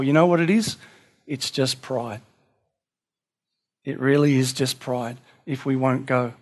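A man's voice: mid-range voice, fairly even intonation, a little slow, long pauses. A man preaching a sermon in an earnest, conversational way, acting out little dialogues as he goes. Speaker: pastor.

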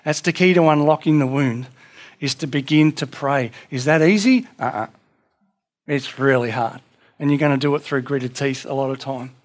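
A man's voice: medium pitch, fairly even intonation, moderate pace. A man preaching a sermon in an earnest, conversational way, acting out little dialogues as he goes. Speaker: pastor.

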